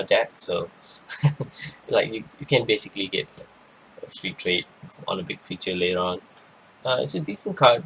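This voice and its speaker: Tired man reviewing cards, low voice. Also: a bit bright, slight background noise, poor audio. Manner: rambling, lots of ums and restarts. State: tired, yawning. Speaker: card game reviewer. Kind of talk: casual commentary.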